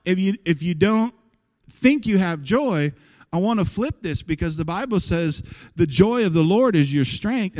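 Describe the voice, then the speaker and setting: A man preaching a sermon as pastor to his congregation, animated, with call-and-response. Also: high-pitched. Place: church sanctuary with congregation.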